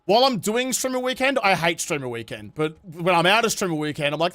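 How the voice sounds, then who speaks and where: Tired, high-voiced Australian streamer guy. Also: sing-song, fast, a bit bright. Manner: chatty, jokey, self-mocking. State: tired, worn voice. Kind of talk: casual live-stream chat.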